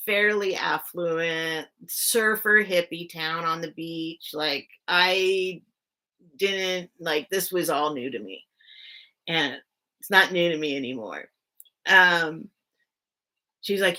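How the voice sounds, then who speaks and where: A woman's voice: fairly low pitch, sharp tone. A woman hosting a live sale stream, casually telling a personal story to her chat, full of "like" fillers and greeting viewers by name.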